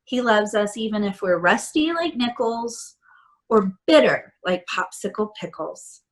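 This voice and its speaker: Woman reading as a gentle dad, soft, slow, reassuring, picture-book parent. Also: mid-range voice, expressive, slight background noise, close to an everyday voice. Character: gentle loving father reassuring his daughter.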